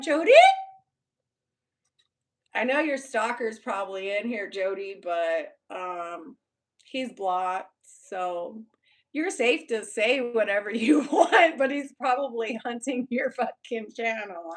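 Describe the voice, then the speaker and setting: A young woman with a Texan accent chats on a live stream at an unhurried, drawn-out pace. Her voice sits at an ordinary middle pitch. She talks bluntly and loosely, swears freely and laughs a lot. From Texas. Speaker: YouTuber. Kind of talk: casual live-stream chat with viewers.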